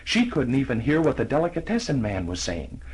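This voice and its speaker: A man narrating a children's storybook in an animated, expressive reading. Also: mid-range voice, a little fast, breathy edge, rough recording. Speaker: audiobook narrator.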